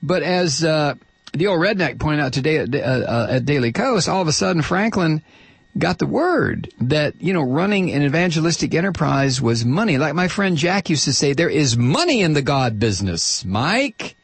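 A middle-aged man talks through a casual monologue, blunt and rambling, stopping often on hesitations and restarts. His voice sits at an ordinary pitch with a gravelly edge and a husky grain. The recording is dry and close. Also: expressive, moderate pace, no echo.

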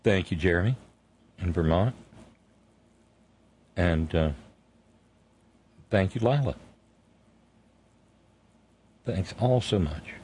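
Male talk host, middle-aged, earnest and halting, fairly low voice. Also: expressive, a little mellow, husky. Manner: earnest, halting with many restarts. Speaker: radio show host. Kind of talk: casual on-air chat and sign-off.

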